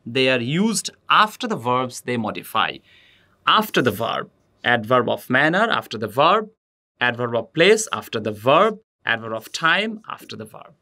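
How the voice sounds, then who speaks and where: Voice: medium pitch, sharp tone. A teacher giving a grammar lesson, addressing students directly and repeating example sentences with emphasis. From Bangladesh. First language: Bengali.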